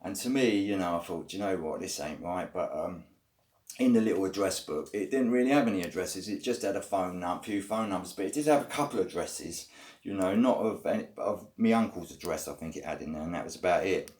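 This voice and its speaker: Man, very low voice, rambling ex-con storyteller, sweary and filler-heavy. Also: fairly quick, darkish tone. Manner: rambling, loose, full of fillers like you know and basically; swears bluntly, uses prison slang. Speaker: former prisoner telling his story. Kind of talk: casual first-person storytelling.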